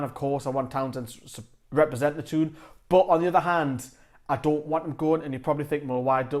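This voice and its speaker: A man's voice: fairly high pitch, a little mellow. A man giving his opinionated, rambling take on a match to camera, often correcting himself mid-sentence. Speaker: football fan vlogger. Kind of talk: casual football commentary to camera.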